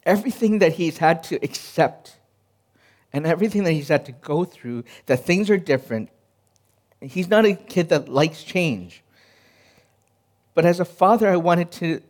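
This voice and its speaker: Male pastor, thirties, high-pitched, earnest conversational sermon delivery. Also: darkish tone. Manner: earnest, personal storytelling with frequent restarts.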